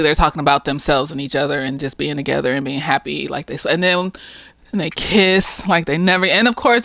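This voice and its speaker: A woman's voice: lowish voice, a bit bright, no echo, clean studio sound. A slightly tipsy woman, a therapist, recapping a TV episode in a frank, chatty way full of slang and swearing. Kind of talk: casual TV recap vlog.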